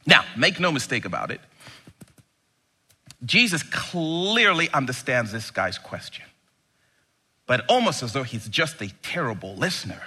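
A man's voice: mid-range voice, very animated, measured pace, pauses often, bright, forceful tone, husky. A male preacher giving an emphatic sermon, full of rhetorical questions and playful asides.

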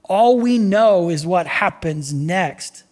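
A man's voice: high voice, slow pace. A man preaching a sermon as pastor, telling the story with energy and acting out the voices of the people in it. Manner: animated storytelling, acts out voices. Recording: reverberant church hall.

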